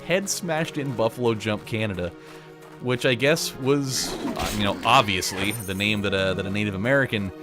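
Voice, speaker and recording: A man's voice: on the low side, normal speed, over music. A man casually riffing and joking as he plays a video game, rambling and laughing at his own lines. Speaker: gaming channel host. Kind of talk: casual let's play commentary.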